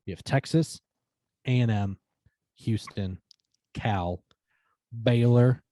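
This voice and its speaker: A man co-hosting a casual podcast chat, easygoing, reading out long lists of teams at a steady clip. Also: mid-range voice, takes it slowly, no room sound. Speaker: podcast co-host.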